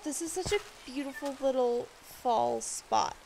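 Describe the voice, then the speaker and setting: A woman chatting casually while building in a game, gushing over the animals and cooing at them softly. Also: sits high, a little slow, gravelly, a little hiss or hum. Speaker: Minecraft builder. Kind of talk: casual gameplay commentary.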